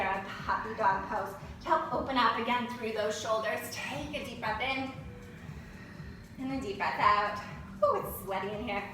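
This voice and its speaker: A woman's voice: fairly high pitch, sharp tone, slight background noise. A woman yoga teacher guiding a class through poses and breaths, cueing in an encouraging way, recorded indoors. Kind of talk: guided yoga class instruction. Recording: very echoey room, voice from a distance.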